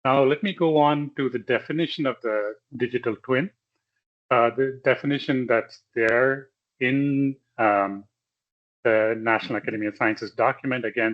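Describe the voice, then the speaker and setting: A male lecturer giving a technical slide presentation in a measured way, pausing often with fillers and correcting himself. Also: medium pitch, fairly bright tone. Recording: slightly dull lo-fi audio.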